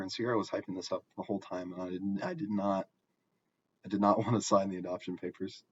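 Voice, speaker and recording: A young man telling a personal story in a casual, halting way, often restarting and filling pauses. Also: lowish voice, flat delivery, dull audio, a little hiss or hum. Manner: halting, self-correcting, frequent fillers.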